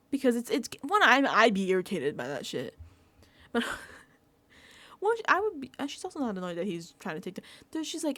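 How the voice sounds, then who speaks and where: A young woman chatting casually about a reality show, animated, swearing freely and mimicking people in whiny pleading voices. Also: mid-range voice, moderate pace, dry recording. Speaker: reality TV recap vlogger. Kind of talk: casual reaction chat.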